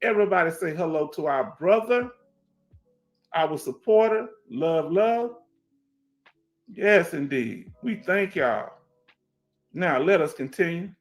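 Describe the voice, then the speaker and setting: Expressive and on the high side, this voice moves slowly with frequent pauses, faint music playing behind. It is a streetwise middle-aged veteran from Houston, Texas with a Houston Black American English accent, hosting a casual livestream on a headset. He reads chat emphatically, repeats himself and asks "you understand?"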